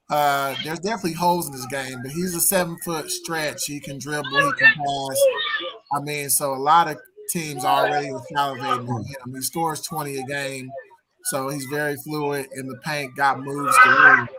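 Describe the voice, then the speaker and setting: A middle-aged man co-hosting a casual sports chat on a video call, emphatic and animated. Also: fairly high pitch, moderate pace, over a noisy crowd. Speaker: co-host.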